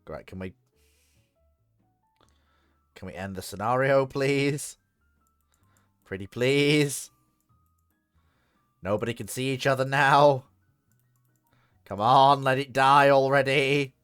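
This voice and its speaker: A man's voice: medium pitch, steady tone, takes it slowly, long pauses, fairly bright tone, clean tone, no room sound, studio quality, faint music behind. A man streaming a naval strategy game, chatting casually, laughing often, swearing and putting on mock dialogue. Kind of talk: casual gaming commentary.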